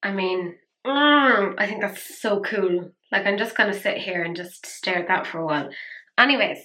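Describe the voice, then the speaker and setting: A young woman reviewing makeup in a casual, rambling, self-mocking way, a little breathless and quick to gasp with excitement. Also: mid-range voice. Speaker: beauty vlogger.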